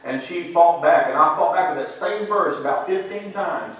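A man giving a lively testimony to a congregation, quoting scripture and laughing as he tells his stories. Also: a little high, moderate pace. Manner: animated storytelling, quotes scripture, laughs often. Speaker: church member giving testimony. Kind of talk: sermon-like testimony. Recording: echoey hall, speaker far from mic.

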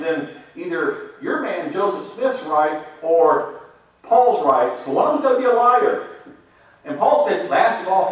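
A man giving a lively testimony to a congregation, quoting scripture and laughing as he tells his stories. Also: fairly high pitch. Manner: animated storytelling, quotes scripture, laughs often. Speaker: church member giving testimony. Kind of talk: sermon-like testimony. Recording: echoey hall, speaker far from mic.

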